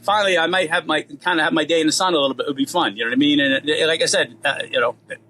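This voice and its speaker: Male guest comic, 50s, Boston accent, rapid-fire animated storyteller. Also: on the high side, slight background noise. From Boston area. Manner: fast-talking, animated storyteller. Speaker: guest comedian. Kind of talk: storytelling in casual interview.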